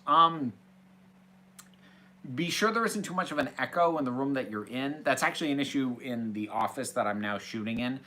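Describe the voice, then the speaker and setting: A man's voice: mid-range voice, lively intonation, normal speed, bright, forceful tone. A man hosting a casual Q&A, reading out viewer questions from a small office and answering them in a chatty, hesitant way with restarts. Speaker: host.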